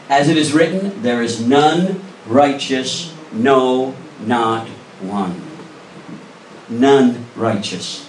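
A man with a mid-range voice preaches a sermon in a church sanctuary, earnest and emphatic, pressing his congregation with direct questions. He sounds distant in the roomy, echoing space, with slight background noise.

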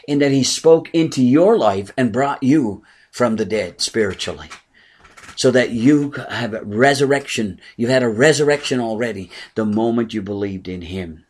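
A man delivers a sermon with a husky, breathy edge to his voice. He speaks with earnest conviction, lifting on key words and sinking to a near whisper on others. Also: medium pitch, normal speed. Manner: earnest preaching, swelling and dropping to near whispers. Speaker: pastor.

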